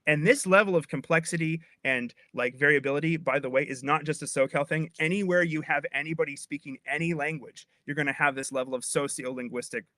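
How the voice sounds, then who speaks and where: Bright-voiced chatty linguist man. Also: fairly high pitch, fairly quick, few pauses, dry recording. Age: 30s. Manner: animated, chatty, with frequent restarts. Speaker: guest linguist. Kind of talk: casual explanatory chat.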